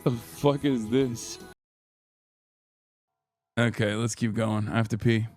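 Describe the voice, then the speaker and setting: A man streaming casual reaction commentary in a profane, animated rant. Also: medium pitch, slow, no room sound, soft background music.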